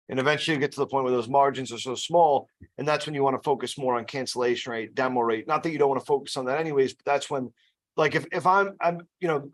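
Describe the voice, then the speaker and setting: A man running a casual sales training session, chatty and loose, often checking in with "you know" and "right?". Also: mid-range voice. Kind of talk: casual team training talk.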